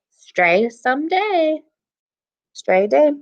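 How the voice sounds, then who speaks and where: A woman reading a children's story aloud, slowly and animatedly, stopping to point out rhyming words. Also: mid-range voice, very animated, no room sound, muffled recording. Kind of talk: children's read-aloud with interpretation.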